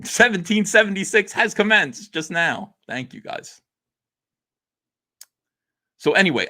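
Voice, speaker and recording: A man's voice: on the high side, lively intonation, moderate pace, pauses often. Theatrical man hosting a livestream. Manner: theatrical, swings between quiet and loud, laughs often. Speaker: comics livestream host. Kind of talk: livestream monologue.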